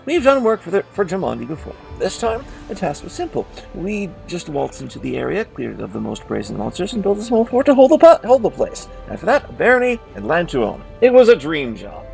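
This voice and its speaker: A man's voice: high voice, wildly swooping pitch, brisk, creaky, few pauses, darkish tone, faint music behind, exaggerated voice. A man doing a chummy mercenary baron. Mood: boastful. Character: friendly blunt male mercenary captain turned baron.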